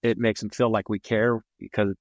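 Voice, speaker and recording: A man's voice: on the low side, flat delivery, normal speed, no room sound. Dry-sounding man telling company stories. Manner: rambling with frequent fillers and restarts. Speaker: company representative on a podcast. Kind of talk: casual storytelling.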